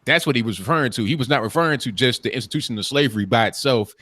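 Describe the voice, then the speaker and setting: A man's voice: medium pitch, animated, racing, a bit bright. A man co-hosting a casual debate, firmly restating his reading of a quote. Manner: insistent, firm, restates his point. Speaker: podcast co-host.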